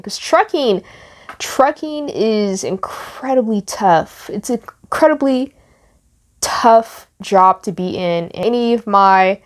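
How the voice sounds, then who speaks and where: A young woman vlogger giving heartfelt, rambling commentary on the news. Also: medium pitch. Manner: emotional, rambling with restarts. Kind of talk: casual commentary.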